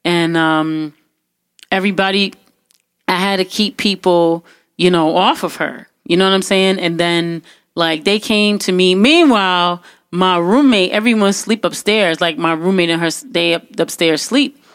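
Animated young woman telling a story. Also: lowish voice, unhurried, clear, resonant tone, no echo, clean studio sound. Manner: animated, acts out quotes, many fillers and restarts. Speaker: guest telling a personal story. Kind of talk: casual spoken storytelling.

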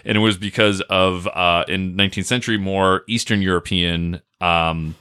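Podcast co-host, male, bright tone, rambling casual storyteller. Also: low-pitched, fairly even intonation, moderate pace, smooth. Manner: rambling, frequent fillers and restarts. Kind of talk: casual chat.

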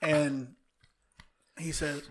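A young man with hiccups telling a casual story about his son, halting and restarting as he goes. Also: a little high, little pitch movement, very noisy. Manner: halting, restarts often, apologizes.

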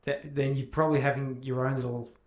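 A man's voice: mid-range voice, little pitch movement, a little fast, darkish tone. A man chatting about a film, making playful jokes. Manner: joking, playful asides. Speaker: podcast co-host. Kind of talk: casual film recap chat. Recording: echoey room.

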